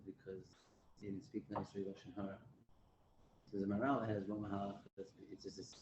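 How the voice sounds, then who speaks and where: Rich: A low, flat-voiced man speaks softly and quickly from across an echoey room, thinking aloud. The sound is dull and noisy. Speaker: class participant.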